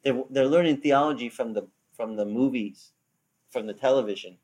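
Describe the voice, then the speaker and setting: A man giving an informal Bible teaching, animated and repetitive, acting out the voices he quotes. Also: mid-range voice, moderate pace. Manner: animated, acts out quoted voices, many restarts. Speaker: pastor.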